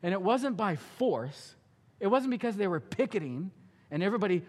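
A male pastor preaching a sermon, telling the story with animated acting-out of characters. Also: high-pitched, moderate pace, in a large hall.

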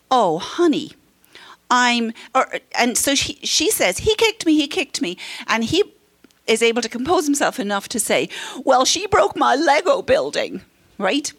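Middle-aged woman counselor for a parenting class, friendly teaching voice, mid pitch, acts out quotes. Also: fairly bright tone. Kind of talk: workshop talk to a live group.

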